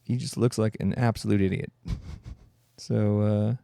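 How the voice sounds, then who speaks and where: A man's voice: on the low side, steady tone, a little fast, gravelly, warm tone, dry recording, studio quality. A man hosting a solo comedy podcast, rambling and mocking in a sarcastic tone. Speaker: podcast host.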